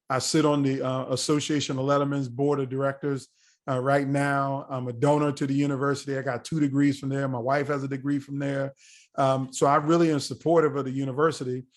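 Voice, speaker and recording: A middle-aged man from the United States telling a story as a podcast guest, acting out the voices of the people he quotes. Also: mid-range voice. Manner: animated, acts out quoted voices. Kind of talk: storytelling in a casual interview.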